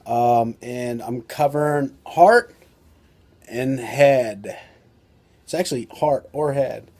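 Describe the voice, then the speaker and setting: A man's voice: medium pitch, takes it slowly, a little mellow. A man who is a doctor and author gives an informal talk-to-camera lesson, rambling loosely with lots of "you know" and "like".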